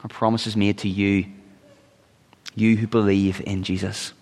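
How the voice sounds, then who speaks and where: A man's voice: fairly low pitch, little pitch movement, measured pace, darkish tone. A man preaching a sermon as pastor, earnest and at times rising into urgent, pleading appeals. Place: church sanctuary. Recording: long reverb of a church hall.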